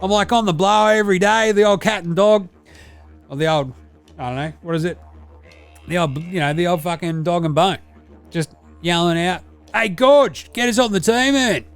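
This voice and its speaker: A man's voice: high-pitched, moderate pace, creaky, clear, resonant tone, soft background music, pitched above the performer's own voice. A man voicing a brash, sweary Australian larrikin bloke who rambles in crude slang with an Australian accent. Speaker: podcast character segment.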